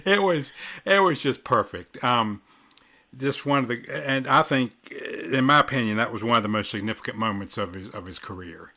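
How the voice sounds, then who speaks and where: A man's voice: fairly low pitch, steady tone, fairly quick, pushed and bright. A man hosting a podcast, chatting casually and reflectively with frequent restarts. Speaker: podcast host. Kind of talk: casual tribute chat.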